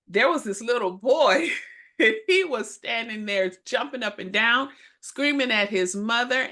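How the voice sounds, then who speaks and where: Bright-voiced animated storytelling woman. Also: on the high side. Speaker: co-host and minister. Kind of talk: casual storytelling chat.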